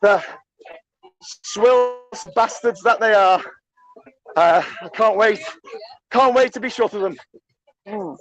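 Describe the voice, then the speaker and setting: A man live streaming at a crowded party, cheering, shouting greetings and chatting excitedly, getting hoarse. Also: high-pitched, slow, long pauses, highs cut off, soft background music. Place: crowded indoor party venue.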